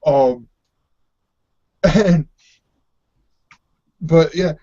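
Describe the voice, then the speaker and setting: Easygoing male co-host, slightly high voice, fumbling with fillers, muffled audio. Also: extremely slow, dark tone. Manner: hesitant, many ums, easygoing, laughs often. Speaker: podcast co-host. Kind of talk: casual chat about TV. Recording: dull lo-fi sound.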